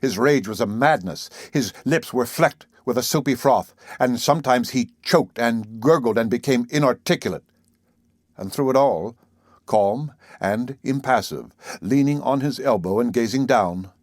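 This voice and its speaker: A man's voice: medium pitch, a little mellow, no echo. Man reading a classic novel, dry sound. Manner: measured, dramatic first-person reading. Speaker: audiobook narrator. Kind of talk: scripted audiobook narration.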